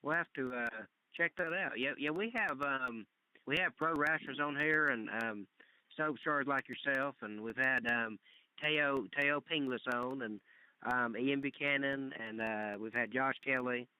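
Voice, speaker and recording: A man hosting a wrestling talk show, asking questions in a halting way with many fillers. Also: medium pitch, bright, forceful tone, clear, resonant tone, low-quality recording. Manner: hesitant, many fillers and restarts. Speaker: podcast host. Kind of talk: casual interview chat.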